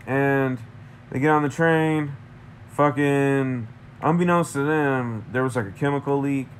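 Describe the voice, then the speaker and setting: A man's voice: medium pitch, slight background noise. A man from Michigan, rambling through a profane, tangent-filled movie review. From Michigan, USA. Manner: profane, ranting, jumps between tangents.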